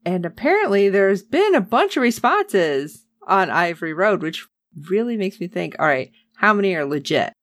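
Casting note: woman podcast co-host, lively sarcastic recap voice, dry close sound. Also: mid-range voice, normal speed, dry recording. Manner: animated, sarcastic, acts out characters' lines. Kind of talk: casual TV recap chat.

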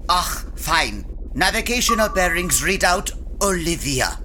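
A woman's voice: lowish voice, sing-song, a little slow, background noise. Woman doing a barking villain captain, mock German accent. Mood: commanding. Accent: cartoonish German. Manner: barks orders, shouts commands. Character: villainous male submarine captain barking orders. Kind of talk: comedic radio play acting.

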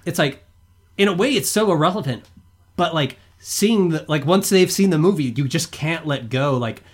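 A young adult man, a podcast guest, talking in a rambling, animated way full of filler words. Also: fairly high pitch, moderate pace. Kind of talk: casual discussion.

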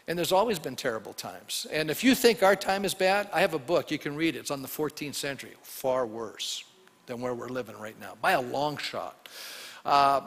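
A male pastor preaching a sermon in a lively, conversational way, often asking the congregation questions. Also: medium pitch, normal speed. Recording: long hall reverb.

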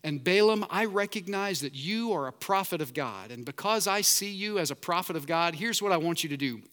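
A man's voice: high-pitched, animated, a little fast, a bit bright. A man retelling a demanding ancient king.

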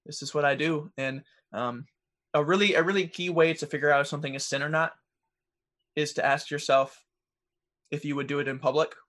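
A man's voice: fairly high pitch, a bit bright. A young man co-hosting a podcast in casual chat, talking earnestly and acting out quoted people in his examples. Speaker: podcast co-host.

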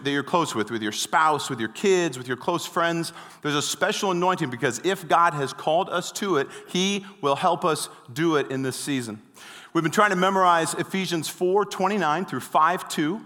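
Bright-voiced pastor preaching in a reverberant hall. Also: male voice, on the high side. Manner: warm welcome, reciting scripture. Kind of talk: sermon.

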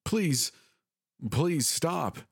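A man doing a desperate middle-aged mother in a spoken horror story, her voice pushed far higher than his own. She pleads in breathless, urgent bursts. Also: animated, extremely slow, vocal fry, slightly rough, no echo, clean studio sound, full character voice.

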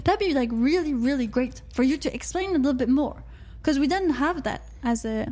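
Wysoki, rozgadany kobiecy głos radiowy. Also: female voice, high-pitched, animated, fairly quick, dark tone. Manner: chatty, reads out live chat comments. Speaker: radio show co-host. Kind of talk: casual radio chat.

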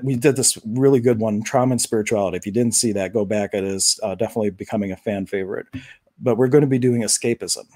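A man hosts a live stream and talks casually to his viewers, wandering from story to story with plenty of fillers. His voice sits low and sounds mellow and dark. The recording is dry and close. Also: no echo. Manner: relaxed, conversational, rambling with fillers. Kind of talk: casual spiritual talk to viewers.

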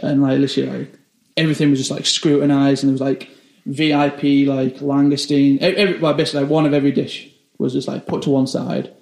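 A man's voice: mid-range voice, level tone, fast, vocal fry, a little mellow, reverberant. Young British man, rambling with constant "like"s. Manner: rambling, says 'like' constantly. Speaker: chef. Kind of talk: casual interview storytelling.

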